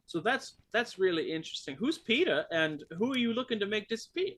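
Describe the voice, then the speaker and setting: Bright, lively man playing a glib character. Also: high voice, brisk. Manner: smooth, glib, mock-polite. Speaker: player. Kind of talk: in-character tabletop role-play.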